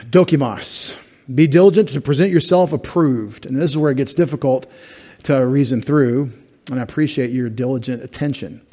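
Mellow and mid-range, the voice of a middle-aged pastor moves at a moderate pace through an expository sermon in a church sanctuary. He lays out the meaning of Greek words step by step while dropping wry asides.

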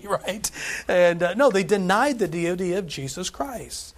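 A man preaching a sermon as pastor, reading scripture with emphasis and breaking off into quick asides and stories. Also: sits high. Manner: animated preaching, scripture read aloud with emphasis, asides and laughs.

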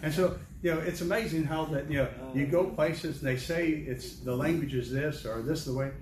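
A man's voice: on the high side, fairly quick. Older American man, missionary testimony, rambling and chuckling, echoey church hall. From United States. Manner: rambling, self-deprecating, with many restarts and chuckles. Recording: echoey hall, distant mic, ambient noise.

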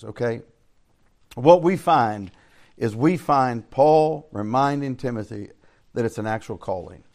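A man's voice: on the high side, moderate pace. Older man, folksy preaching with dynamic swings. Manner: folksy storytelling with swings between loud and soft. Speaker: pastor. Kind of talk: Bible study sermon.

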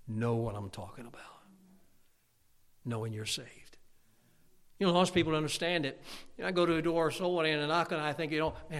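A man preaching a sermon, swinging between loud fervent passages and quiet intimate asides. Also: fairly high pitch. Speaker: pastor.

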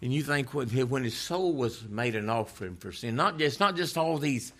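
A middle-aged man preaching a sermon, swinging between loud passionate stretches and hushed, almost whispered words. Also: medium pitch, expressive, moderate pace.

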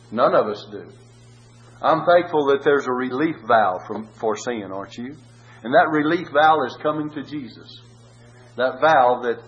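A man's voice: medium pitch, fairly bright tone, muffled recording. A man preaching a sermon in an earnest way, rising into pleading cries.

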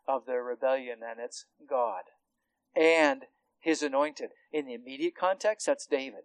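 A man preaching an expository sermon, teaching earnestly with rhetorical questions and frequent restarts, his voice swelling on key points and dropping to quiet asides. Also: medium pitch, measured pace, no echo, poor audio. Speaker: pastor.

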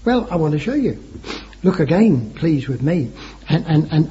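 Husky earnest preacher man, lo-fi. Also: fairly high pitch, sing-song, normal speed, mellow. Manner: earnest, rising emphatic phrases, frequent uh and repeated words. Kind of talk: sermon. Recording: dull lo-fi sermon recording.

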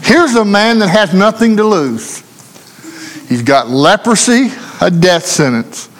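Brief: male preacher, slow and earnest, fairly high voice, lots of rhetorical questions. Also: expressive, a little hiss or hum. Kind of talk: sermon. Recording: long hall reverb.

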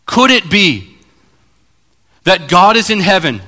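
A man preaching a sermon as pastor, animated and acting out Bible scenes. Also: high voice, takes it slowly. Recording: long hall reverb.

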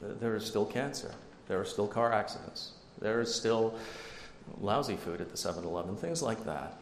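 A man's voice: lowish voice, moderate pace, creaky, slight background noise. A man preaching a sermon as pastor, conversational, with self-deprecating asides. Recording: echoey hall with long reverb, faint ambience.

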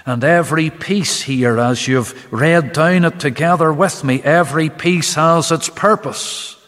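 A man preaching a midweek Bible study to a camera in an empty church, slow and emphatic, lifting his voice on key phrases. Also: on the high side, fairly bright tone. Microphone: camera recording for online viewers. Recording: long reverb in an empty church.

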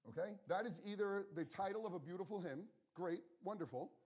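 A man's voice: high-pitched, a little fast, a little mellow, husky. Earnest man preaching a sermon. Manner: earnest, personal and conversational, addresses the congregation directly.

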